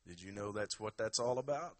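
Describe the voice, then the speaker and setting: A man's voice: lowish voice, expressive, brisk. A man preaching a sermon in a conversational, emphatic way and urging the congregation to give praise. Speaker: pastor.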